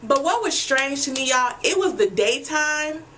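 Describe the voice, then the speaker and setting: A woman's voice: high-pitched, expressive, a little slow, fairly bright tone, a little hiss or hum. A woman talking straight to her viewers in a casual recap vlog, blunt and chatty, swearing freely and calling them y'all. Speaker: TV episode recapper.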